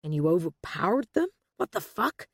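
A woman voicing a gruff American agent. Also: lowish voice, very animated, normal speed, no echo, clean studio sound, heavily acted. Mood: curt. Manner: growling, curt. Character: gruff male American agent, cold and hard.

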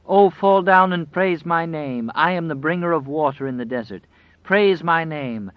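A man's voice: medium pitch, normal speed, dry recording, close to an everyday voice. A man voicing a menacing, boastful demonic wolf that taunts an old woman in an audiobook. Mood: gloating. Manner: taunting, gloating. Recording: dry, slightly dull recording.

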